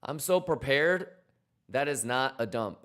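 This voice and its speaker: A man in the middle of a pitch range talks straight into a desk mic during a live trading stream. He is loud and teasing, swears freely and keeps checking in with his chat, repeating the same questions back to them. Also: expressive, measured pace.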